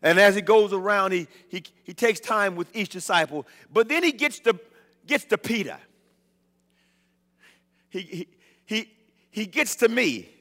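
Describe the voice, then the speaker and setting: A man preaching a sermon, telling the story dramatically and building up to shouted points. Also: high voice, animated, a little slow, long pauses. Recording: long reverb of a large hall.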